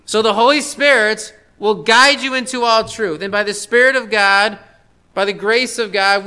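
A man's voice: high voice, pushed and bright, clear, resonant tone. A man preaching a sermon verse by verse, emphatic and repeating phrases for stress. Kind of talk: expository sermon.

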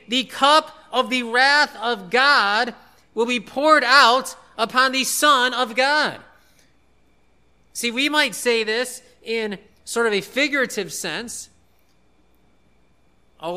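A man's voice: extremely high pitch, slow pace, pushed and bright. A man preaching a sermon in an earnest way, repeating key phrases for emphasis.

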